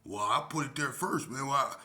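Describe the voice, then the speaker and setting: A man voicing a loud, obnoxious, defiant tough man. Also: medium pitch, normal speed, pitched above the performer's own voice, close to an everyday voice.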